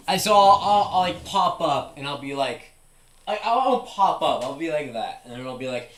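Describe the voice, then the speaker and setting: A man's voice: mid-range voice, sing-song, brisk, sharp tone. Rambling young male streamer. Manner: rambling, thinking aloud with many "like" fillers. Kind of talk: casual live-stream chat.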